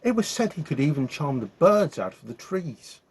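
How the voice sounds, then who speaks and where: Husky, animated male storyteller. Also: on the high side, moderate pace. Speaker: storyteller host. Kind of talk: reading a children's bedtime story aloud.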